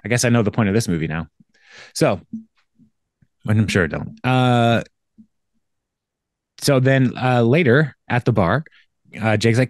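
A man's voice: mid-range voice, slow pace, pauses often, no echo, clean studio sound. A man co-hosting a podcast, casually recapping an episode in a rambling way, with lots of fillers and laughter. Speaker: podcast co-host.

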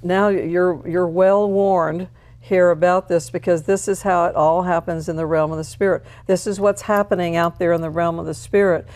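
A talk show host in a TV studio, speaking in a mid-pitched voice and chiming in with quick, eager affirmations. When the host takes the floor, the talk turns into earnest, encouraging exhortation. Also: fairly even intonation, darkish tone. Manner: eager agreeing interjections, then earnest exhortation.

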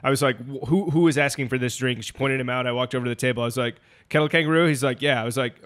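A man's voice: mid-range voice, fairly even intonation, very fast, fairly bright tone. A man co-hosting a casual podcast, a chatty storyteller who explains things at length. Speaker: podcast co-host. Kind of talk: casual chat over beers.

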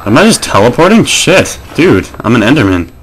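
A man giving gameplay commentary as a let's play host, jumpy and excitable, swearing, laughing and yelping. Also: medium pitch, fairly quick, a little hiss or hum.

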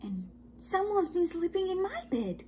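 A woman's voice: very high voice, very animated, measured pace, dark tone, slight background noise, voice pushed up, exaggerated voice. A woman voicing a motherly mama bear in a storybook tale, light and mild. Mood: puzzled.

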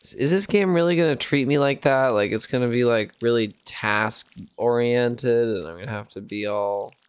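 A man casually commentating as he plays a video game, joking, swearing and thinking out loud. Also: mid-range voice, normal speed, clean tone. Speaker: game streamer. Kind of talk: casual Let's Play commentary.

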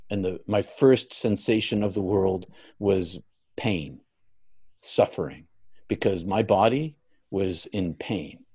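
A man speaking as a guest, telling a personal story earnestly, swelling louder at the high points and dropping soft near the end.

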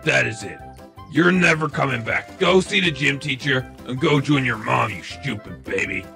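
A man voicing a mean, taunting cartoonish dad in a roleplay game video, gravelly. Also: medium pitch, animated, normal speed, bright, forceful tone. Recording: faint kids' music behind.

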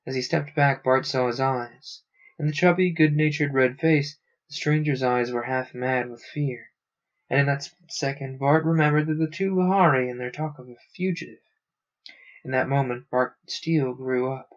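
Man, narrating a novel aloud, steady reading, mid pitch, dull lo-fi sound. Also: normal speed. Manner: steady narration with small stumbles. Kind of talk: audiobook-style reading.

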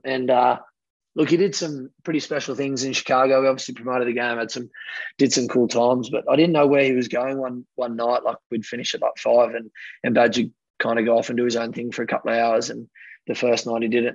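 A man's voice: mid-range voice, little pitch movement, quick pace, no echo. An Australian man in his thirties, a guest telling rambling, laughing anecdotes in a casual way. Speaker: guest rugby player. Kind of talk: casual storytelling. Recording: dull, dry lo-fi audio.

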